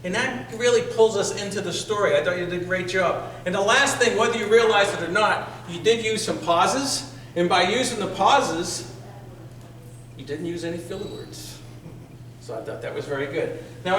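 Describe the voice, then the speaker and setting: High-voiced man giving speech feedback. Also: a bit bright, a little hiss or hum. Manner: encouraging, structured feedback with restarts. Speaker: speech evaluator. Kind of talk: speech evaluation at a club meeting. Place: meeting room. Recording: echoey room audio from far off.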